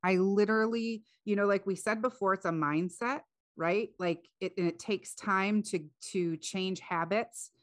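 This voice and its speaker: A woman's voice: mid-range voice, unhurried, dry recording. A woman co-hosting a faith podcast, talking candidly and chattily with many fillers. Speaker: podcast co-host. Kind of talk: casual faith podcast chat.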